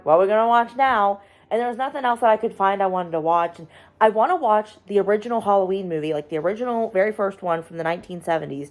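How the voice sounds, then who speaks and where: A young woman vlogging in casual chat, rambling with many fillers and getting animated when she retells scary scenes. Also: mid-range voice. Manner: rambling, lots of "like" and "um".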